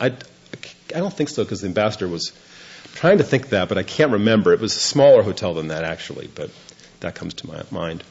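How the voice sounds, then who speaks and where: A man's voice: low voice, darkish tone. An older man, a Zen monk, telling a rambling, self-deprecating story to a group and laughing through the funny parts. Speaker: Zen monk giving a dharma talk. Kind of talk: storytelling talk. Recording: dull lo-fi recording.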